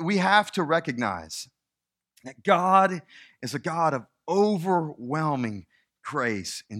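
A man's voice: mid-range voice, fairly bright tone. A male pastor preaching a sermon in a conversational, emphatic way.

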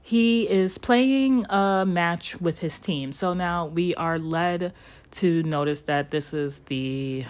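A woman's voice: fairly low pitch, slow. A woman hosting a podcast, recapping an anime episode in a rambling, chatty way with lots of fillers and some swearing. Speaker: podcast host.

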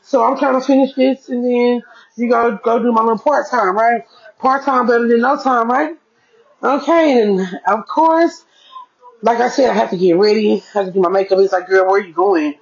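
A woman's voice: a little high, normal speed, husky, dull audio. A woman hosting a casual blog podcast from her bedroom desk, talking loosely to her listeners as y'all and stretching out key words. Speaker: podcast host.

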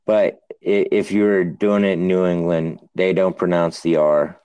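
A man from New Hampshire with a deep voice talks slowly on a podcast. He rambles, laughs a lot and swears freely. The sound is dry and close. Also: flat delivery, dark tone, smooth, dry recording. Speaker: podcast co-host. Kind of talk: casual podcast chat.

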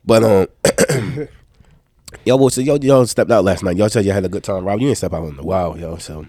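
A sick man with a stuffed-up nose hosts a casual podcast chat with a fairly low voice. He tells loose, profane, animated stories, and the recording sounds close and dry. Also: fairly quick, dry recording. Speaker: podcast host.

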